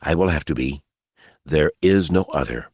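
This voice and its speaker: A stoic warrior monk, voiced by a man, keeps every word quiet and measured. The voice sits very deep and comes across dry and close. It is a calm, commanding audiobook portrayal. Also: breathy edge, no room sound. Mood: resolute. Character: grim stoic male warrior monk, adult.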